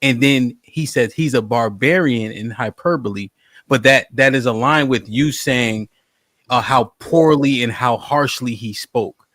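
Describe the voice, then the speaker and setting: A man moderating a heated panel debate in a measured, explaining way, with a mid pitch. His voice sounds dry and close on a studio microphone. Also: no room sound. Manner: measured, explaining, calls for calm. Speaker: podcast host moderating.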